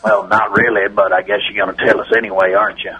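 A man's voice: on the low side, level tone, quick pace, pushed and bright, slightly rough, full character voice, poor audio. A man voicing a pompous, folksy older football team owner who talks in a hesitant, self-important way full of filler sounds. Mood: exasperated. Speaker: impression on a radio comedy bit.

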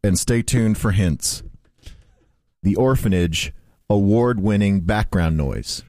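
A man co-hosting a sports radio show, tossing out deadpan wisecracks in casual banter. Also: fairly low pitch, slow pace, dry recording, studio quality. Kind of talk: irreverent comedic chat. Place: radio studio.

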